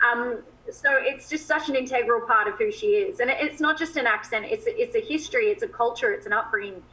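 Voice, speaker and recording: A woman talking as an actress guest in a TV interview, chatty and quick to laugh. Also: fairly high pitch, sharp tone, rough recording. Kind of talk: TV interview chat.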